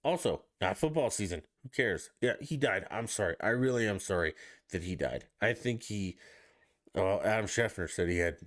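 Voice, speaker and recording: Low-voiced man ranting on a podcast. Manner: ranting, profane, exasperated. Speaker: podcast host. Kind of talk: solo sports rant podcast.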